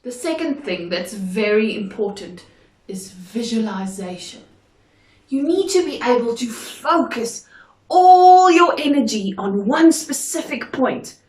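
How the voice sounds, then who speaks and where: A woman drama teacher giving a video lesson, speaking slowly with careful, crisp articulation. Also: fairly high pitch. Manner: slow, clearly articulated delivery. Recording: echoey room.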